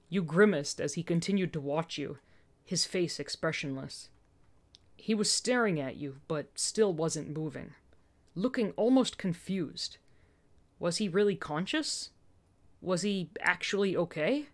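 Woman, story narration, gentle and earnest, lowish voice. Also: a little slow. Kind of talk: storytelling narration, fan dub reading.

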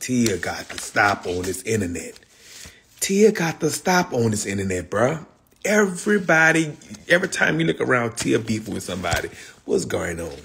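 A man's voice: mid-range voice, big pitch swings, moderate pace, vocal fry, a bit bright, a little hiss or hum. A man hosting a casual livestream, talking in loose street slang, repeating himself and calling out viewers by name. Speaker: livestream host.

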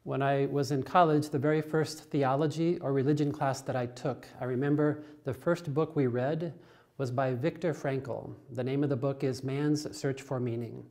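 A man, a priest, reading the Gospel and preaching a homily in church in a slow, measured way. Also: medium pitch, fairly even intonation, darkish tone. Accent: American.

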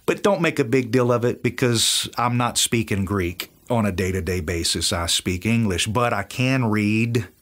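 A man's voice: lowish voice, moderate pace, hardly any pauses, a bit bright. A man with a Southern US accent, teaching from the Bible with enthusiasm and acting out the dialogue. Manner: enthusiastic, acts out quoted dialogue. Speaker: preacher.

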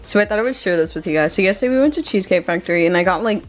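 A bubbly young woman chats to her vlog audience from home, her voice sitting at an ordinary middle pitch. Soft music plays faintly underneath. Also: expressive, very fast. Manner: bubbly, chatty, talks straight to viewers. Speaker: vlogger. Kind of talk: casual vlog chat.

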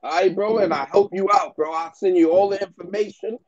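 A man's voice: high voice, a little fast, dull audio, crowd noise. A man who breeds dogs, giving business advice in a casual rant to the camera, slangy and repetitive, often ending lines with "bro" and "man".

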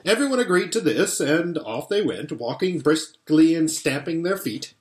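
Man reading a storybook aloud, lively. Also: on the high side, normal speed, few pauses. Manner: expressive, animated reading. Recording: roomy echo.

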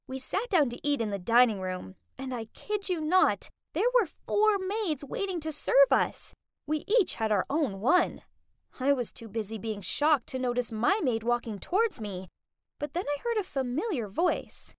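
Expressive young woman narrating a story. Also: sits high, normal speed, no room sound, studio quality. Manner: dramatic, emotional storytelling. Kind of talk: first-person animated story narration.

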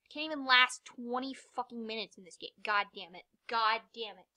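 Bright-voiced young woman gaming commentary. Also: a little high, fast talker, few pauses. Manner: rambling, self-mocking, swears often, sudden loud yelps and muttered asides. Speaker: gamer. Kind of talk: let's play commentary.

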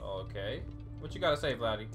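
A man's voice: fairly low pitch, expressive, a little fast, over music. A man giving casual, joking gameplay commentary as a gaming YouTuber, talking straight to his viewers.

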